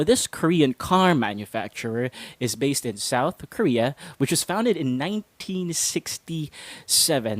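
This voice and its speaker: A man's voice: mid-range voice, dry recording. Playful man teaching pronunciation. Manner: playful, chuckles often. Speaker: English pronunciation teacher and host. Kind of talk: casual instructional lesson.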